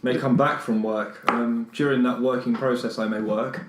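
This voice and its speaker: A man's voice: mid-range voice, steady tone, moderate pace. A man, joking and swearing while chatting as a podcast co-host. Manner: jokey, swears a lot. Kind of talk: casual podcast chat. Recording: echoey room with faint noise.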